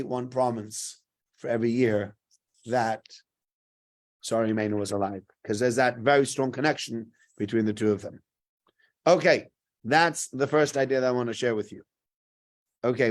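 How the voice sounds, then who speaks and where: A man teaching a weekly Torah portion class, telling the story in an animated way and mixing in Hebrew and Yiddish terms. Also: medium pitch.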